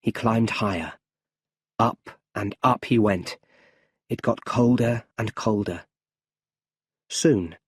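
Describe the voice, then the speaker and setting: Male audiobook narrator for learners; husky, slow, careful delivery. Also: on the low side, dry recording. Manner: slow, careful storybook reading.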